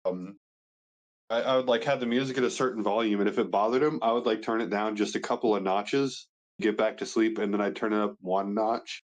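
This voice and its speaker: A man's voice: on the low side, fairly even intonation, brisk. A young man and father talking casually as a podcast guest, brash and boastful, swearing freely. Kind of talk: casual chat.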